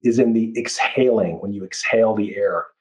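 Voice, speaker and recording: A man's voice: fairly low pitch, normal speed, a little mellow, poor audio. Earnest man, life coach on a podcast. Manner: earnest, reflective, repeats and restarts phrases. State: moved, near tears. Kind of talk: podcast interview.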